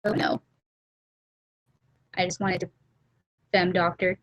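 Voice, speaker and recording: A young woman hosting a casual drawing livestream from a warm room at home, rambling and giggly, often trailing off into mumbles, on a laptop webcam mic. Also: fairly low pitch, little pitch movement, takes it slowly, background noise. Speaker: livestream host. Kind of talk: casual chat while drawing.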